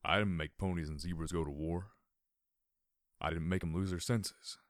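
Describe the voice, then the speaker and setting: A man voicing a rasping old male pony, a death-like phantom who speaks slowly, quietly and wearily with a leathery voice. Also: low-pitched, steady tone, dry recording, clean studio sound, close to an everyday voice. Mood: weary, ominous. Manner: slow, quiet, weary.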